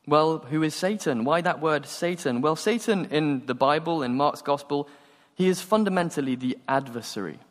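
A man preaching a sermon, telling stories and acting out the dialogue with animated energy. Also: on the high side, moderate pace. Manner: animated storytelling, acts out dialogue. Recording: long hall reverb.

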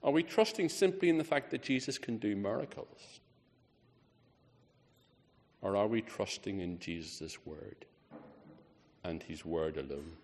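A man preaching a sermon, emphatic, rising on key words and falling low and quiet at the ends of phrases. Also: lively intonation, a little slow, pauses often. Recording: reverberant hall.

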